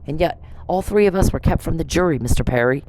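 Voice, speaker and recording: On her own channel, a woman fires off a furious, foul-mouthed tirade directly at whoever she holds responsible, hammering the same insults repeatedly. Her low voice moves quickly with lively intonation, and there's background noise behind her.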